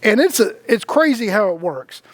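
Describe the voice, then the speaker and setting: Man, high voice, dry close sound, casual rambling chat, laughs a lot, repeats himself. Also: big pitch swings, moderate pace, no echo. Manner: acts out quoted voices. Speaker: podcast co-host.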